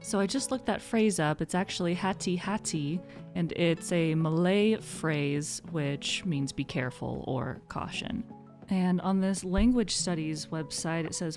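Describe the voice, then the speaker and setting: A young woman giving gentle, calm and reflective commentary while she plays a game. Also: lowish voice, slow pace, soft background music. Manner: soft-spoken, calm and reflective. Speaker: gaming video host. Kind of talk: gentle mindful gameplay commentary.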